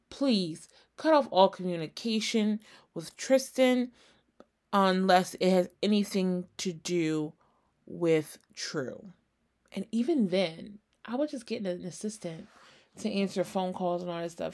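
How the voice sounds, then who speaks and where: A woman's voice: mid-range voice, a little slow. A woman hosting a solo gossip podcast, sassy and blunt, swearing freely and talking straight at the people she discusses. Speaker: podcast host. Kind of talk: casual solo celebrity gossip chat.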